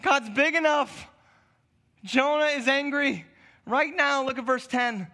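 High, bright-voiced animated preacher man. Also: slow pace. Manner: animated, playful storytelling. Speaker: pastor. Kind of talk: sermon.

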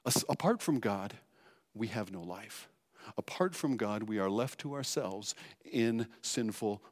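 A man preaching a sermon, earnest and emphatic, dropping to a hush on key points. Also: mid-range voice, big-room sound. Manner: earnest preaching, swings between emphatic and hushed. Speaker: pastor.

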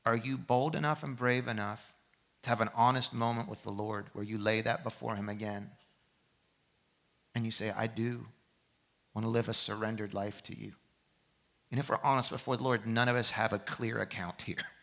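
A male pastor preaching a sermon with a bright, forceful voice. He pushes hard on his exhortations, then drops low and quiet to tell a story. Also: steady tone, moderate pace, gravelly. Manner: impassioned preaching that swings from loud exhortation to quiet reflection. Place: church service.

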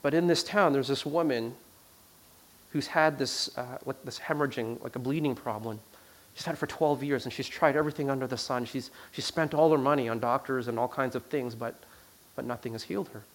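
A man preaching to a congregation in an ordinary, mid-pitched voice. He tells stories with lively swings from loud emphasis down to a near-hush, and he often stumbles into repeated words and restarts. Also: fairly quick. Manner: animated storyteller, swings from loud emphasis to hushed quiet. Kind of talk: sermon storytelling.

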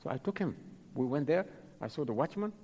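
Husky preacher with a lively voice. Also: male voice, on the high side. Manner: dramatic, acts out the people in his stories; halting, repeats words. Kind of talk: sermon storytelling. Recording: long hall reverb.

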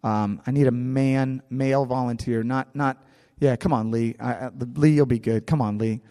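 Animated man preaching in a reverberant hall. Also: mid-range voice, normal speed. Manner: animated, repeats words, acts out scripture with a volunteer. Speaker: pastor. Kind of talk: sermon.

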